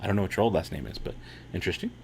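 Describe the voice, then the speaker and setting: A man's voice: low-pitched, animated, racing, creaky, a little mellow, breathy edge. A man hosting a casual watch-party livestream, reading chat comments aloud and laughing often.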